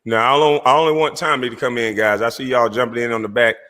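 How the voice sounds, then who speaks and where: A man's voice: medium pitch, fairly even intonation, fast talker, bright, forceful tone. Man ranting at a rival, echoing room. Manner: heated, mocking, addresses rival directly. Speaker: livestream host. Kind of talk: confrontational call-out rant.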